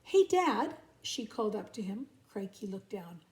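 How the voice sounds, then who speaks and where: A woman's voice: medium pitch, moderate pace. An older grandmother reading a picture book aloud and stopping for chatty asides. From Canada.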